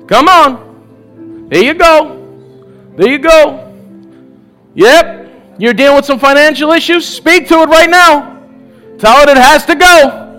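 A preacher with a strikingly high voice drives his church congregation forward in a charismatic sermon. He exhorts them again and again with repeated calls to respond. Soft music plays faintly beneath him. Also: takes it slowly, long pauses. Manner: exhorting, repetitive "come on" calls, bursts of laughter. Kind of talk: charismatic sermon and altar call. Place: church service with live audience.

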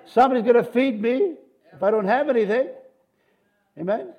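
Animated preaching man, high voice. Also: fairly quick, highs cut off. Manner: animated preaching with shouts of woohoo and amen, joking asides. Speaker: pastor. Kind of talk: sermon.

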